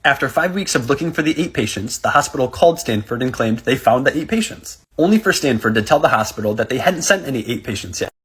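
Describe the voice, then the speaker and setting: Raspy, fast-talking male narrator. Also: medium pitch. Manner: rapid, steady storytelling delivery. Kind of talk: scripted narration.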